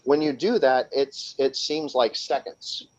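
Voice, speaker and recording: A man's voice: medium pitch, fairly even intonation, measured pace. A man talking as a podcast guest, telling a long story in a rambling, casual way with many restarts. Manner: rambling, with frequent restarts and laughs, acting out quoted voices. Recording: slightly dull lo-fi sound.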